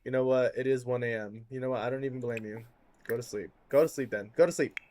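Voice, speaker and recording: A woman's voice: a bass voice, fast talker, a little mellow, slight background noise. A woman streamer giving casual, chatty gameplay commentary, reacting aloud and repeating phrases as she plays.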